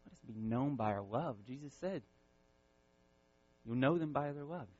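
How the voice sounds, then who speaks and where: A male pastor preaching an impassioned sermon, repeating words and swinging from loud peaks to soft, quiet lines. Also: medium pitch, animated, normal speed, muffled recording.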